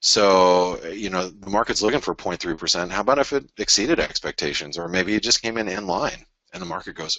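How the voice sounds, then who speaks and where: A man hosting a live forex show, walking through price charts in an animated, restless way, often restarting sentences and arguing with imagined viewers. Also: low voice, fairly quick, few pauses, dry recording, poor audio. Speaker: forex market show host. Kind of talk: live trading chart analysis.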